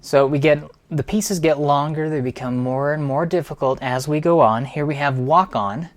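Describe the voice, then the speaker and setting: A man's voice: on the high side, normal speed. Enthusiastic man explaining piano pieces. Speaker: piano teacher. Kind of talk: instructional walkthrough.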